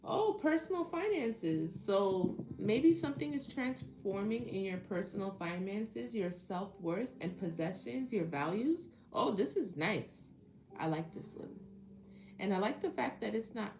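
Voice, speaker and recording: A woman's voice: medium pitch, expressive, unhurried, a little mellow, a little hiss or hum. A woman hosting a live tarot stream, chatting playfully with viewers and reading their comments aloud. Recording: echoey room with faint music behind. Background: faint background music.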